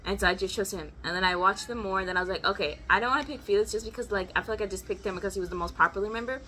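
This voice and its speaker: A woman's voice: medium pitch, racing, pushed and bright, a little hiss or hum. A young American woman vlogging in casual chat, rambling and slangy, often correcting herself mid-sentence. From United States.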